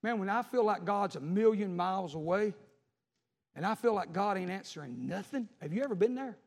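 A man preaching a fervent sermon to his church, swinging from shouts to hushed, pleading tones. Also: high voice, animated, brisk, vocal fry, in a large hall. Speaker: pastor. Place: church sanctuary.

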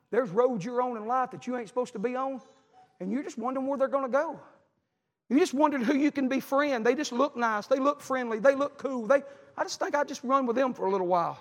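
A middle-aged man, preaching a sermon as a pastor, telling folksy stories with animated emphasis. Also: very high voice, fast talker. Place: church sanctuary. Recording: long church reverb.

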